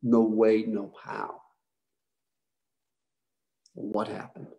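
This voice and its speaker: A man, a rabbi, giving a history lecture with animated storytelling, emphatic and asking the audience questions. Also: on the low side, very slow, lo-fi sound.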